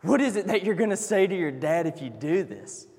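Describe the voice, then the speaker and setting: A man giving a sermon, telling the story earnestly and moving between hushed and emphatic delivery. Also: sits high, animated, fairly quick, breathy edge, big-room sound. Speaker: preacher.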